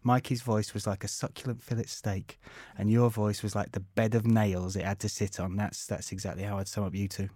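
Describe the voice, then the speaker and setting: An Irish man in his forties hosts a podcast, teasing and quick-witted in casual, chatty banter. His voice is on the low side with a warm tone and flat delivery, recorded dry.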